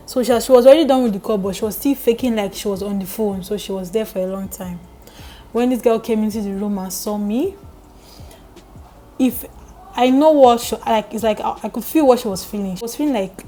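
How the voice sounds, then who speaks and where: A young Nigerian woman vlogger telling a story in lively, emphatic casual chat. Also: mid-range voice, brisk, low-quality recording.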